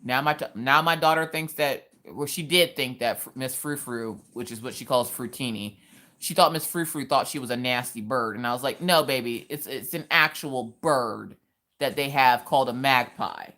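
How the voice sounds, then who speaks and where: A woman chatting casually on a craft livestream, reading viewer comments with animated, laughing reactions. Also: rumbling low, moderate pace. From Pennsylvania. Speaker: livestream host.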